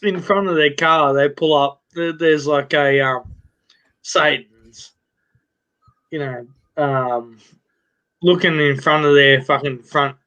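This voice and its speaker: Guy on a live stream, slow rambling joke, swears a ton, kinda high voice. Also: steady tone, pushed and bright, muffled recording. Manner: rambling, swears a lot, restarts often. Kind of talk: casual chat, telling a joke.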